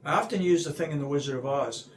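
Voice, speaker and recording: Animated man acting out quotes. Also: a little high, fast, a little hiss or hum. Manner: animated, acts out quoted voices, frequent restarts. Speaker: anti-bullying seminar speaker. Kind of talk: interview.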